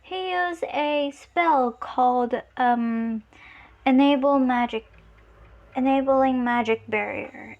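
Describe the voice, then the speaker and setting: A woman's voice: high-pitched, slow pace, lo-fi sound. A young woman improvising a fan story in a hesitant way, with many fillers and restarts.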